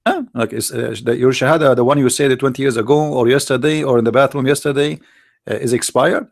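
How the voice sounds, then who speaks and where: Mid-range in pitch and fast, his voice carries noticeable vocal fry as he hosts an online stream and debates callers. Speaking into a computer mic, he mocks his opponents with a string of sarcastic, baiting rhetorical questions in a polemic monologue.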